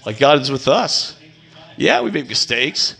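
A middle-aged man rambles through personal stories in a loose vlog, running himself down. His voice sits at a middle pitch, with a bright, forceful edge. He talks casually, keeps breaking into laughter, and drifts from one tale to the next. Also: sing-song, measured pace, gravelly, slightly rough, soft background music. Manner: chatty, laughs often, self-deprecating. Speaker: vlogger.

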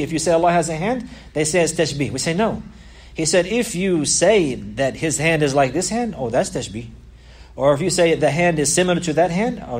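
A man delivers a religious lesson at a brisk, rapid clip. His voice is slightly high and husky. He often repeats and restarts phrases as he explains a classical text. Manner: quick, repeats and restarts phrases, reads Arabic passages fast. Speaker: teacher.

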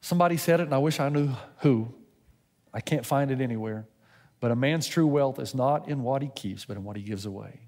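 A man's voice: medium pitch, fairly quick, a little mellow, long reverb tail. A middle-aged man preaching a sermon as a pastor, telling a personal story and acting out both sides of his conversations with God. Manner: storytelling preacher who acts out dialogue with God.

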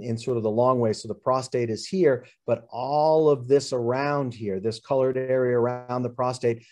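Mellow-voiced man explaining medical slides. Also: medium pitch. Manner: explanatory, walks through slides with frequent fillers. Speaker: urologist. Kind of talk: medical webinar presentation.

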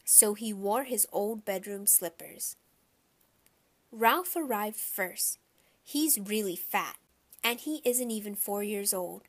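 Woman reading a kids audiobook, lively and expressive, mid pitch. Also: slow. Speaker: audiobook narrator. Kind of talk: scripted children's audiobook narration.

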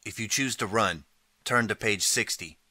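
A man narrating an interactive audiobook in steady, scripted second-person storytelling. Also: on the low side, moderate pace, no echo. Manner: steady storytelling, reading out page choices.

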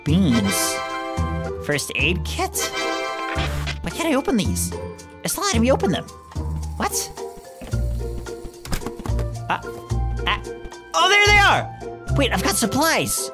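An excitable woman talking her way through a video game, arguing with it and with herself. Her pitch leaps and swoops constantly, and clear game music plays behind her. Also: takes it slowly, pauses often. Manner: excitable, talks to herself and the game, jumps between mock bravado and panic. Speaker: gaming commentator. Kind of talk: let's play commentary.

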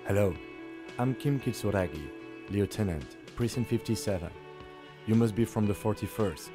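A man voicing a calm, reserved male police lieutenant in a game, speaking low, quietly and in a measured way. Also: over music, natural voice. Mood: formal.

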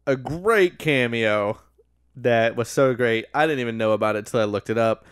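A man's voice: medium pitch, clear, resonant tone, no echo, studio quality. A man co-hosting a podcast, recapping a movie in casual, sarcastic, profane chat. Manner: sarcastic, profane, laughing at his own jokes. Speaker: podcast co-host.

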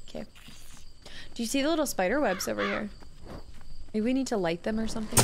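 A woman streamer giving let's-play commentary, excitable and repeating words fast when she panics. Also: fairly high pitch, creaky, a little hiss or hum. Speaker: video game streamer. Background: loud game music.

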